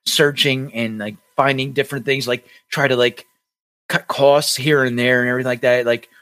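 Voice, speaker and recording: A man's voice: mid-range voice, fairly even intonation, moderate pace, a bit bright, smooth. A young man co-hosting a podcast, telling a rambling story with many restarts. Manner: rambling, lots of likes and restarts. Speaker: podcast co-host.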